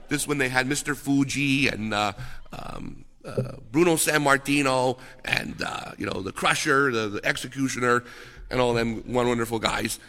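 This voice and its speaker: A man preaching, his voice bright and slightly high for a man. He tells his stories with animated asides, often checking in with "okay?". The sound carries a long reverb, as in a large church hall. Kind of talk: sermon.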